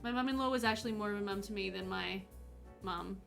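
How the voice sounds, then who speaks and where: A woman's voice: medium pitch, quick pace, creaky, soft background music. A young woman streaming a game, chatting casually with her viewers and reading their messages aloud with frequent giggles. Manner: chatty, warm, giggly, reads chat aloud. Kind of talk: casual chat with live chat while gaming.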